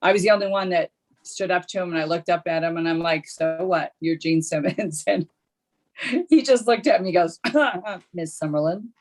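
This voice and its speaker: A woman's voice: lowish voice, normal speed, faint music behind. Middle-aged woman, guest, chatty storyteller, laughs often, video call. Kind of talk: casual chat.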